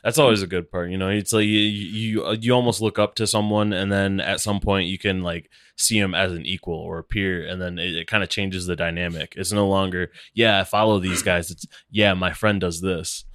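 A man's voice: sits low, fairly even intonation, fairly quick, hardly any pauses, fairly bright tone, no echo, clean studio sound. A man co-hosting a podcast in casual chat, laid-back, laughing often and chiming in. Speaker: podcast co-host.

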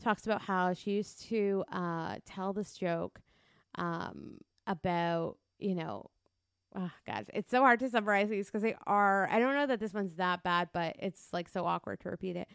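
A woman's voice: medium pitch, normal speed, vocal fry, a bit bright, smooth, no echo, studio quality. A woman co-hosting a podcast in casual chat, rambling with lots of fillers and restarts. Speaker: podcast co-host.

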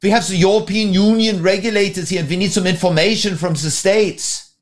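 A man's voice: high-pitched, fairly even intonation, brisk, pitched above the performer's own voice, natural voice. A man putting on a German accent to play a fake male executive calling with an urgent request. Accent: put-on German. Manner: urgent, smooth-talking.

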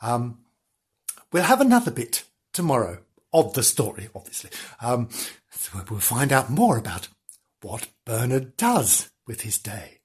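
Slow, husky, animated podcast storyteller, keeps going off on cheeky tangents. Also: medium pitch. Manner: playful asides, giggles and mock apologies to children. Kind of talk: comic reading of a children's story.

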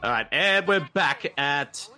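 An Australian man co-hosts a casual watch-along podcast, chatty and quick to laugh. His voice sits a little high and moves animatedly up and down. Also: lively intonation, sharp tone, soft background music. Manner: chatty, joking, laughs often. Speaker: podcast co-host.

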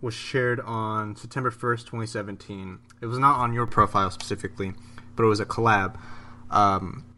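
A man's voice: on the low side, fairly even intonation, normal speed, bright, forceful tone, a little hiss or hum. A man hosting a casual interview, laid-back, asking short questions and laughing along. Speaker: podcast host.

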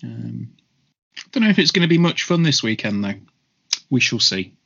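A man's voice: medium pitch, moderate pace. A man co-hosting a football podcast, chatting casually and laughing often. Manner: laughs often, tells stories with lively voices. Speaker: podcast co-host. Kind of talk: casual chat. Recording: slightly dull lo-fi sound.

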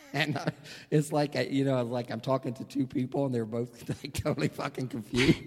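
A man's voice: mid-range voice, fairly even intonation, normal speed, darkish tone, long reverb tail, slight background noise. A man co-hosting a podcast, telling an anecdote casually, swearing and laughing. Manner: laid-back, swearing, laughing a lot. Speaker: podcast co-host. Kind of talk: casual chat.

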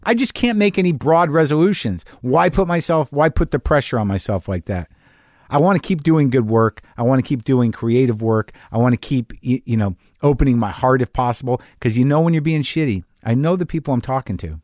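A man's voice: medium pitch, animated, a little fast, darkish tone, no room sound, studio quality. A man in his fifties hosting a podcast, talking through a candid, rambling, self-deprecating solo monologue with a lot of swearing. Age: 50s. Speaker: podcast host.

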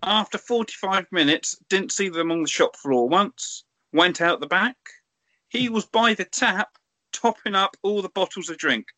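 A man's voice: high-pitched, measured pace, bright, forceful tone, no room sound. A man, chatting on a podcast in a dry, mock-indignant way. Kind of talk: casual chat.

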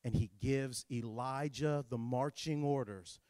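A man preaching a sermon as pastor, with dramatic delivery that swings between hushed and shouting. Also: mid-range voice, a little slow, no echo, clean studio sound.

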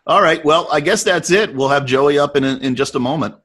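A man co-hosting a podcast, chatting casually and telling animated stories with frequent laughter. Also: on the high side, brisk. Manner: storytelling, animated, laughs often. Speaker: podcast co-host. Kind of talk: casual chat.

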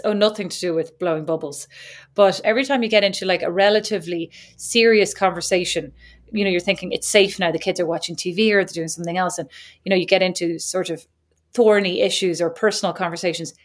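A woman co-hosting a conversational podcast, bantering and telling everyday stories with a playful, teasing edge. Her voice sits at a middle pitch, relaxed and chatty. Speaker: podcast co-host. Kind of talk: casual chat.

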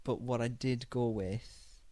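A man's voice: mid-range voice, steady tone, slow pace, warm tone. A man co-hosting a podcast in casual chat, laid-back and joking, swearing casually. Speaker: podcast co-host.

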